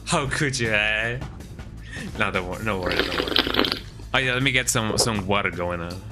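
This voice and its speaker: A man's voice: lowish voice, moderate pace. A man streaming a game, chatting casually with viewers, joking and rambling, often tagging lines with "eh?". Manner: joking, rambling, says "eh?" a lot. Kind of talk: casual livestream chat. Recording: game music behind.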